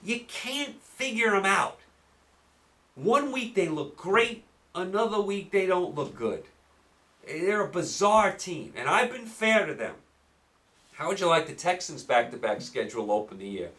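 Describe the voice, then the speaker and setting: A man with a New York accent hosting a solo football picks show, rambling and animated, firing rhetorical questions at listeners. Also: sits high, measured pace. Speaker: sports betting podcast host. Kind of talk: solo sports picks talk.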